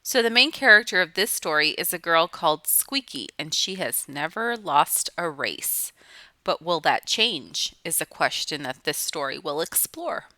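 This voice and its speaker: A woman's voice: deep voice, lively intonation, unhurried, bright, forceful tone, dry recording. A woman teacher giving a recorded lesson to students, explaining patiently and restating each point.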